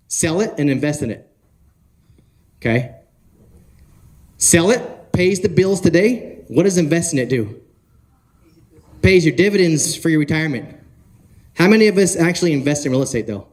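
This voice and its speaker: A man giving an energetic talk at a conference, often asking the audience questions and joking with them. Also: on the high side, normal speed, long pauses. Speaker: conference speaker. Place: conference hall.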